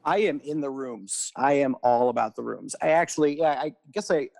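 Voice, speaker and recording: A man talking as a podcast guest in a casual chat, animated and rushing in quick bursts with frequent restarts. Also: medium pitch, gravelly, a little hiss or hum.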